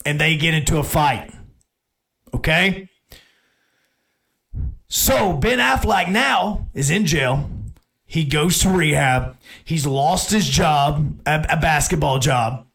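A man's voice: fairly high pitch, animated, slow, creaky, pauses often, a bit bright. An adult man hosting a sports talk show, telling a rambling story in a casual monologue with many restarts.

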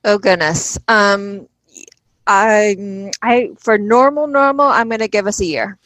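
Casting: female academic guest, mid pitch, friendly, plain-spoken, dry close sound. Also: slow pace, fairly bright tone, no room sound. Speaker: guest professor. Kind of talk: casual interview answers.

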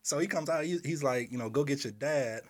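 A man in casual chat, telling a story with lively quoted dialogue and laughter. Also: medium pitch, fairly quick.

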